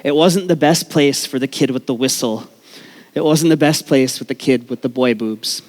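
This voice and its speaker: A young Canadian storyteller, medium-pitched and a little mellow, speaks at a moderate pace. Before a live audience, he shares a comic personal story, joking about himself and swearing freely.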